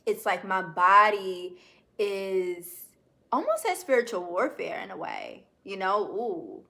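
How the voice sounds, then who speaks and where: A woman's voice: medium pitch, huge pitch swings, vocal fry, sharp tone. A young woman talking in a personal video journal, reflective and heartfelt, chatting casually to her viewers with many fillers. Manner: slow, reflective and heartfelt, addresses viewers as y'all.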